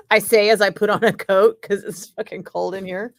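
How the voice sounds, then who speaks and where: A woman's voice: medium pitch, steady tone, unhurried, no echo. A woman in her fifties hosting a casual chat, talking in a blunt, profane and sarcastic way. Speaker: host.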